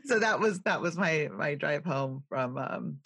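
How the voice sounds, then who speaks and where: A woman's voice: low voice, animated, measured pace, a bit bright, breathy edge, no echo. A woman from California telling stories in a casual chat, often mimicking other people's voices. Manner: chatty storyteller, mimics voices.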